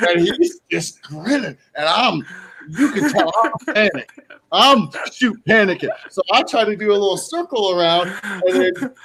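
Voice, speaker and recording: Animated man acting out stories. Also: high voice, moderate pace. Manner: animated storyteller who acts out dialogue. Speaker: podcast co-host and wrestler. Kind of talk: casual podcast storytelling.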